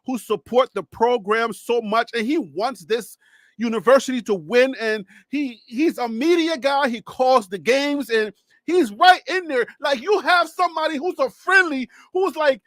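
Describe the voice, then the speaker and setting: A man hosting a casual sports reaction talk, animated and excitable, laughing often. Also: extremely high pitch, dry recording, studio quality. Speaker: host.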